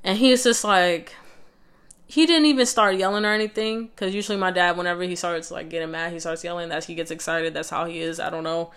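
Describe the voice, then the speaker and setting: A woman's voice: fairly low pitch, steady tone, a little fast, fairly bright tone, smooth. A young woman vlogger telling a personal story in a casual, conversational way, with lots of fillers and restarts.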